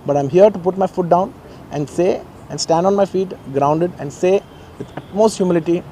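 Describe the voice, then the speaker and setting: A man's voice: sits high, moderate pace, dark tone, slight background noise, rough recording. A man in his forties with a Telugu-influenced Indian English accent, making an earnest, insistent statement to the press outdoors. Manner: earnest, repetitive, pleading insistence. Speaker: actor addressing the press. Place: outdoors in a garden.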